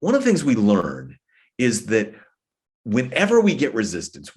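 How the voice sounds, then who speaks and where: A man preaching to a gathering of church leaders, his pitch swinging widely as he tells stories. He acts out the people he quotes, shifting between their voices and his own. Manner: animated storytelling, acting out quoted voices. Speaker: guest speaker at a church meeting. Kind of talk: sermon-style plenary talk.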